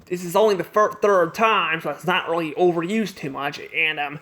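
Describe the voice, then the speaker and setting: Male cartoon reviewer, slightly high voice, unscripted, halting delivery full of restarts. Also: pushed and bright. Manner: rambling, halting, many restarts and repeated words.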